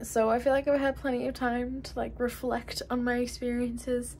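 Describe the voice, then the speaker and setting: A woman's voice: a little high, flat delivery, moderate pace, a little mellow, slight background noise. A young woman in her late teens narrating her vlog in a chatty, gushing way. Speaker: vlogger.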